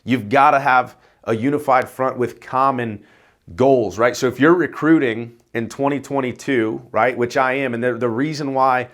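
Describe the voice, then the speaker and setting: A man's voice: mid-range voice, fairly even intonation, normal speed, a bit bright. Man, agency owner, off-the-cuff vlog delivery, loose and rambling, casual swearing. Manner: loose, rambling, tags "right?" often. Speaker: insurance agency owner coaching agents.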